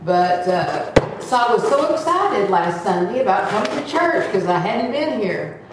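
A woman of seventy tells a lively church testimony and acts out the voices of the people in her story. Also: medium pitch, unhurried, noisy background. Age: 70s. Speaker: church member giving a testimony. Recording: echoey hall, distant mic.

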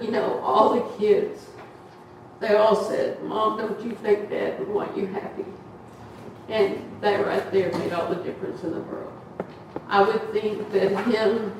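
A woman's voice: medium pitch, darkish tone. Older woman, echoey church testimony. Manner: earnest, rambling, acts out quoted voices. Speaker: church member giving a testimony. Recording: very echoey room, from far off, faint noise.

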